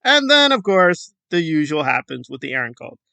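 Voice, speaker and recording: A man's voice: on the high side, very animated, normal speed, vocal fry, sharp tone, dry recording. A man hosting a sarcastic online commentary, scoffing and rambling through asides. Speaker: commentary channel host.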